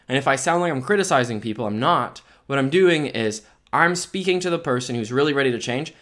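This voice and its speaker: A man's voice: mid-range voice, a bit bright. A tired man hosting his own podcast who talks in a rambling, upbeat way, full of "like" and "right?". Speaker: podcast host. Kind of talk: casual solo podcast monologue.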